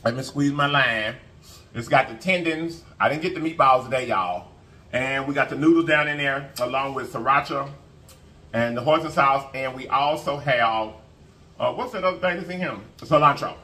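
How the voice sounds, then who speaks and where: A man hosts an eating show, chatting casually and folksily to his viewers, addressing them again and again and humming as he eats. His mid-range voice is pushed and bright, at a moderate pace.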